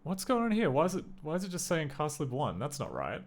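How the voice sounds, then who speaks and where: A man's voice: a little high, wildly swooping pitch, quick pace. A man livestreaming as he programs, thinking aloud in casual commentary, muttering and correcting himself as he goes. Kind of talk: casual live coding commentary.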